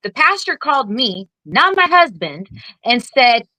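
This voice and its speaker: A woman's voice: a little high, big pitch swings, measured pace, bright, forceful tone, dry recording, low-quality recording. A woman guest telling her story in candid conversation, blunt and swearing heavily as she acts out what she and others said. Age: adult with children. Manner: blunt, heavy swearing, vivid quoted retorts. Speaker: guest, Air Force veteran.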